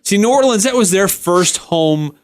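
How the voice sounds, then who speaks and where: Measured male sports radio co-host. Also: sits high, animated, no room sound. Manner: measured, plugs the station's schedule. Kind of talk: casual sports talk.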